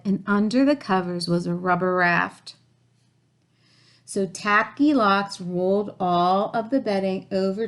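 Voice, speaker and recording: Woman reading a picture book aloud to children; slow, gentle storyteller, mid pitch.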